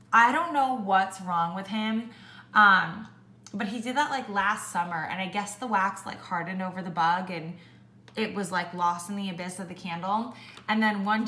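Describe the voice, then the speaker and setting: Chatty young woman, bright echoey voice. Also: medium pitch. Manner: chatty, heavy use of "like", animated when ranting. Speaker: beauty vlogger. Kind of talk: casual product review chat. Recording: echoey room.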